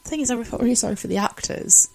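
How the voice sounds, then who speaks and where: A woman's voice: fairly high pitch, very fast, gravelly, darkish tone. A woman casually talking through a film, reacting with exclamations and groans. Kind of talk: casual film recap chat.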